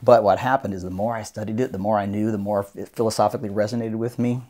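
Mellow-voiced man explaining earnestly. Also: fairly low pitch, fairly even intonation, fast. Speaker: guest doctor of Oriental medicine. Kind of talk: podcast interview, explaining.

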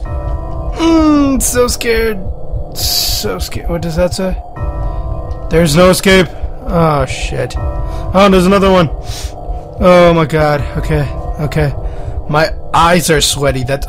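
Young man, horror game commentary, panicky and pleading, higher voice, unhurried delivery, music behind. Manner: panicky, swearing, pleading with the monster. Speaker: gaming channel host.

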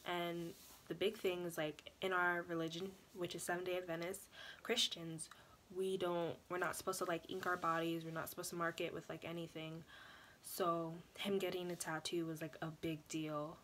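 A young woman vlogger telling a personal story in a chatty, animated way, full of "like" and "you know". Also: lowish voice, normal speed, a little hiss or hum. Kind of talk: casual storytelling vlog.

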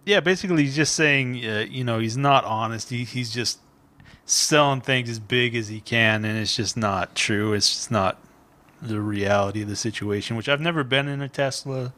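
A man co-hosting a comedy podcast, relaying a news story in relaxed talk with chuckles. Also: medium pitch, normal speed. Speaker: podcast co-host. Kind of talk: casual comedy podcast chat.

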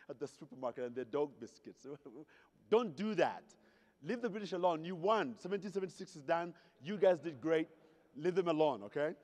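A man's voice: fairly high pitch, a little mellow. A man from Zaire giving a humorous storytelling keynote, playfully asking the audience questions, in a hotel ballroom at a convention. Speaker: keynote speaker. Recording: reverberant convention hall.

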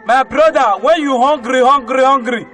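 A man's voice: extremely high pitch, normal speed, fairly bright tone. A male comedian with a Nigerian Pidgin English accent, bantering with his partner and chiming in with short replies. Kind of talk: comic banter. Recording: faint music behind.

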